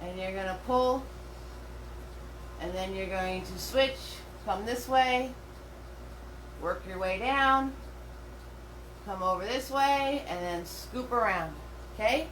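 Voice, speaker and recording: A woman's voice: medium pitch, takes it slowly, pauses often, fairly bright tone, distant mic. Chatty woman teaching painting, roomy sound. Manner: chatty, rambling, many fillers and restarts. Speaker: painting instructor. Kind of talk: live step-by-step painting class. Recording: roomy, from away from the mic, faint hum.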